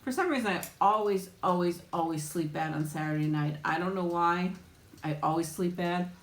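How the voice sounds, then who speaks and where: This lowish female voice moves at a moderate pace in an echoey room with a little hiss or hum. She's hosting a casual mukbang live chat, greeting viewers by name warmly and often laughing or saying um.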